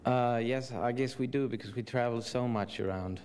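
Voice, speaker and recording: A man from Sweden, a native Swedish speaker, giving halting casual answers in a TV interview. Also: medium pitch, a little mellow, smooth, in a large hall. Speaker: band member guest.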